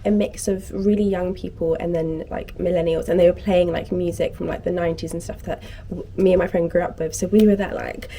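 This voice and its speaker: A woman's voice: fairly low pitch, fairly even intonation, fairly quick, warm tone, a little hiss or hum. A young woman in her twenties chatting casually to camera as a vlogger, telling a story animatedly and acting out what each person said. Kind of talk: casual chat.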